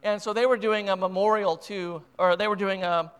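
An American pastor with a high-pitched voice and a smooth, resonant tone preaches from the pulpit at a moderate pace, his tone steady. He speaks with deep emotion and rising conviction, often repeating and restarting his words, moving from quiet reflection to fervent appeals.

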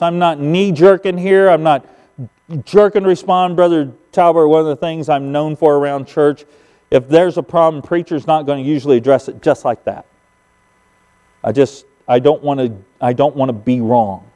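Folksy older preacher in a reverberant hall. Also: male voice, fairly high pitch, moderate pace, dark tone. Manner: folksy storytelling, emphatic sound effects. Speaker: pastor. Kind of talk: sermon. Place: church sanctuary.

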